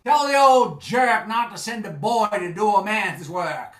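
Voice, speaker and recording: A man's voice: high-pitched, animated, unhurried, a bit bright, pitched above the performer's own voice. Man doing a stubborn cussing old fisherman. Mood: gruff, defiant. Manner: blunt and cussing. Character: grumpy, stubborn male weir fisherman. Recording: echoey live stage.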